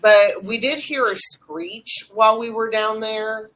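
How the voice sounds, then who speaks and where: A young adult woman, co-hosting a podcast and retelling a ghost hunt in a rambling, animated way with lots of fillers. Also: a little high, slow, poor audio. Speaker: podcast co-host. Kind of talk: casual storytelling chat.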